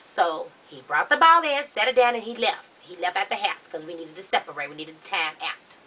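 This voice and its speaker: A woman telling a comic story in a sassy, animated way, dropping into low asides. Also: normal speed. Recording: voice from far off the mic.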